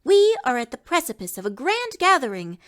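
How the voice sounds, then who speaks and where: A woman's voice: high voice, very animated, fairly quick, a bit bright. A woman voicing a chipper adult female cartoon duck who co-hosts as an announcer, in a fan audio drama. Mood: announcing. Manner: bubbly showbiz announcing. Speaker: co-host announcer.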